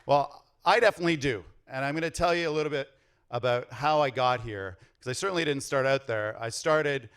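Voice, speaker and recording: A man in his forties gives an energetic conference keynote on stage, rallying the audience with questions. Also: medium pitch, brisk, smooth. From Canada. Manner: energetic, rallies the crowd with questions. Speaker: keynote speaker. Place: on stage before a large audience.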